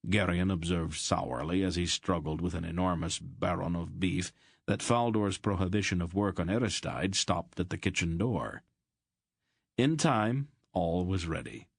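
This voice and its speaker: Male audiobook narrator: low, husky, dry close recording. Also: a little slow, no room sound. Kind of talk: scripted fantasy narration.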